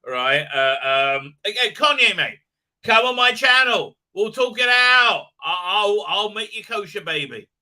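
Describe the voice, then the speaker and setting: A man's voice: sits high, expressive, unhurried, bright, forceful tone. A middle-aged man hosting a live stream, rambling casually with lots of fillers and blunt jokes. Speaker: host.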